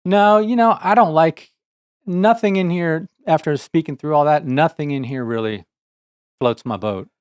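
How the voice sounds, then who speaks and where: A man, an engineer, co-hosting a casual tech podcast, speaking in a measured, plainspoken way with many fillers. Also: on the high side, smooth, no echo, studio quality.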